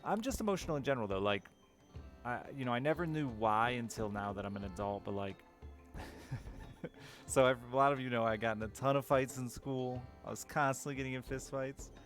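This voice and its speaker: Soft music plays behind a man whose mid-range, fairly bright voice moves at a moderate pace. As a live streamer, he's candid and relaxed with his viewers, sharing his feelings openly with the occasional curse.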